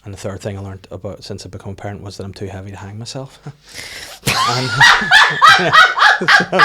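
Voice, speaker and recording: A man hosting a comedy podcast in casual chat. His voice sits a little low. He rambles through his stories with frequent restarts and plays out the quotes. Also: huge pitch swings, normal speed, heavy background noise.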